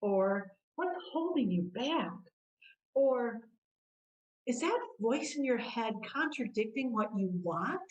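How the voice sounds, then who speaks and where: Slow, deliberate woman coach. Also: on the high side, animated, distant mic, dull audio. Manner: deliberate, explanatory, asks rhetorical questions. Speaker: coach who works with clients. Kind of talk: motivational self-help talk.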